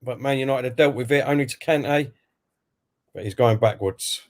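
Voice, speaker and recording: A man's voice: medium pitch, moderate pace, slight background noise. A man co-hosting a football watch-along stream, giving live commentary and reading out viewer comments before giving his own view. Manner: chatty, reads out chat messages and then gives his view.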